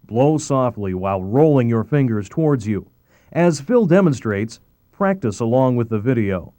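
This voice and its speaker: A man narrating a scripted instructional voice-over, giving calm step-by-step directions. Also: medium pitch, moderate pace, dry recording.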